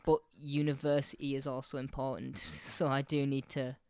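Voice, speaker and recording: A young man co-hosting a casual podcast, talking quickly and rambling with many restarts. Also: medium pitch, flat delivery, creaky, a little mellow, smooth, no echo, clean studio sound. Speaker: podcast co-host and editor. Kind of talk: casual chat.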